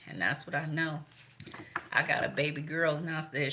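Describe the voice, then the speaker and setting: A woman's voice: low voice, level tone, moderate pace, bright, forceful tone, slight background noise. A woman doing a casual tarot reading, blunt and profane, laughing between points. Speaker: tarot reader.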